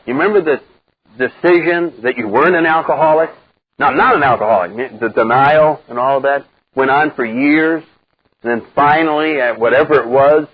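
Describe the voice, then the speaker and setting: Husky older man on lo-fi meeting tape. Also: mid-range voice, normal speed. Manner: animated storyteller who acts out quoted voices, wry and blunt. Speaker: recovery meeting speaker. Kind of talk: personal recovery talk to a live group. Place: meeting room with a live group. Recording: dull lo-fi 1990s cassette recording.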